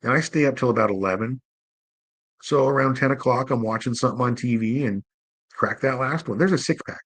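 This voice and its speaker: A man's voice: mid-range voice, a little fast, fairly bright tone, dry recording, poor audio. A man hosting his own show in a casual solo monologue, rambling and candid, poking fun at himself and swearing casually. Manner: rambling, candid and self-deprecating, full of "you know". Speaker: host.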